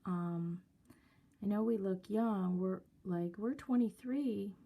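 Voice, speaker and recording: A woman's voice: medium pitch, slow pace, mellow. A woman voicing giddy young women who talk in a giggly, sing-songy way.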